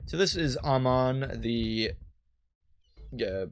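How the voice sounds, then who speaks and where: A man's voice: medium pitch, animated, drawn-out words, clear, resonant tone. A man hosting a let's play, chatting casually and reading game text aloud with asides.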